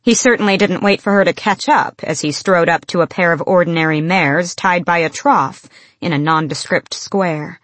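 A woman reading fantasy fiction aloud in measured, expressive storytelling. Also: lowish voice, dry recording. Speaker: audiobook narrator. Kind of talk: scripted fantasy narration.

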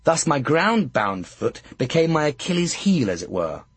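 A husky male narrator reads an audiobook with a wry, dry comic touch. He takes his time, his voice lively and expressive, recorded close and dead dry. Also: on the high side, moderate pace, dry recording.

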